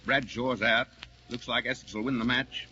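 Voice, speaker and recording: A man's voice: mid-range voice, fairly even intonation, moderate pace, sharp tone. An actor playing a pompous, grumbling working-class husband who lectures his wife, in 1940s radio acting. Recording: muffled 1940 radio broadcast with hiss.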